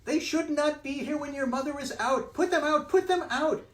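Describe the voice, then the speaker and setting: A man's voice: very high voice, takes it slowly, fairly bright tone, voice pushed up, exaggerated voice. A man voicing a fretful, scolding little pet fish that pleads in alarm, read aloud in a roomy space from a distance.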